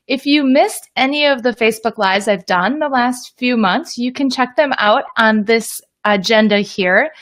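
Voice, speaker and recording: A woman's voice: fairly high pitch, a bit bright. A woman hosting a live online teaching session, explaining reading skills in an upbeat, chatty way and greeting viewers by name. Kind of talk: casual teaching livestream.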